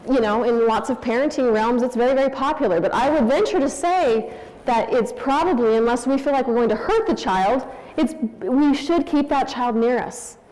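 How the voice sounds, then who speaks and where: A woman in her forties speaks at a church hall, giving a candid, anecdotal talk on parenting. Her voice is high and a little mellow at a moderate pace, and the recording has long hall reverb.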